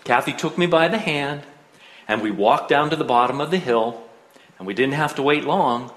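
A man's voice: medium pitch, normal speed, fairly bright tone. A middle-aged man telling a personal childhood story with wry, self-mocking humor. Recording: roomy echo.

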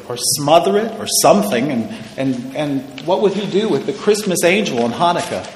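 A man tells a story aloud in a measured, expressive way. His voice sits slightly high for a man. It rings in a large room with a long reverb tail over a faint hiss. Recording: echoey hall with long reverb and faint noise.

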